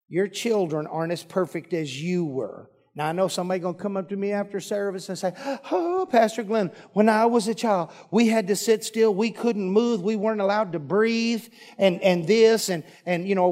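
Man, pastor, high-pitched, folksy sermon delivery with jokes. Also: a little mellow. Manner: folksy, joking asides to the congregation.

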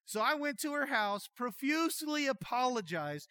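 A middle-aged man preaching a sermon as pastor, telling folksy jokey stories in an animated way. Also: very high-pitched, normal speed, smooth, dry recording.

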